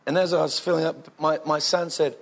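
An Australian man preaching a sermon, telling funny family stories in an animated, joking way that bursts into excitement. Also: a little high, fairly quick. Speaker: pastor. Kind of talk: humorous storytelling sermon.

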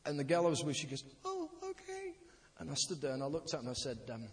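A man's voice: mid-range voice, rapid-fire, darkish tone, breathy edge. A man, a pastor, preaching a sermon in an anecdotal, self-deprecating storytelling manner. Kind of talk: sermon with personal stories.

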